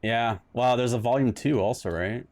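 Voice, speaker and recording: A man's voice: mid-range voice, moderate pace, darkish tone. A man streaming a retro detective game, chatting casually with many restarts, reading bits aloud and joking at himself. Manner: rambling, self-mocking, with restarts and sudden exclamations. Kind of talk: casual let's-play commentary.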